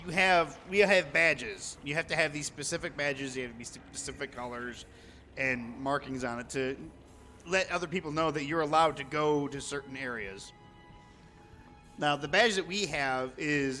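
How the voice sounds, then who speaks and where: A chatty man telling a story on a live stream, cursing freely and slipping into the voices of the people in it. His voice sits a little high and sounds bright and forceful. A long reverb trails behind him over a faint hiss. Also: normal speed, faint music behind. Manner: chatty, swears freely, acts out quoted lines. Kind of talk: casual storytelling.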